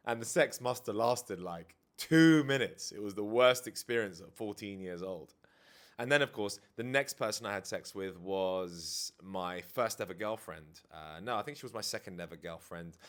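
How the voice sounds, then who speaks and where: This man's voice is on the low side and slightly bright. He's a dating and life coach giving a confessional talk to the camera in a room with DJ gear at his back, speaking openly and thoughtfully and cursing casually here and there.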